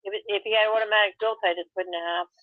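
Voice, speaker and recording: A woman's voice: mid-range voice, fairly even intonation, very fast, no room sound. A woman calling in to a radio show, asking anxious, pressing questions. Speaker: caller. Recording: tinny phone line.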